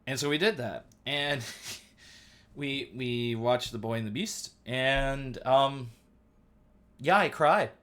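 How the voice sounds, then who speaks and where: A man in his thirties hosting a casual live stream, rambling excitedly with lots of fillers. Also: medium pitch, slow pace, pauses often. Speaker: livestream host. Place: at home.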